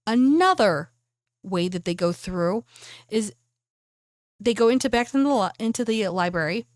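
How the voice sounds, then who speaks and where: A woman game master narrating scenes in a loose, chatty way, filling pauses with "uh" and restarts. Her voice sits at an ordinary middle pitch. The recording is close and dry. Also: expressive, no room sound. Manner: casual and chatty, with fillers.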